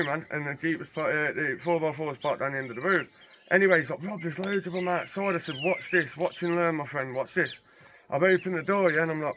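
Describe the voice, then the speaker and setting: A man tells his story in quick, slangy bursts. His voice is bright and sits a little high. Faint outdoor noise sits behind him. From England. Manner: animated, slangy, fast street talk. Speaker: interview guest. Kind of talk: casual storytelling.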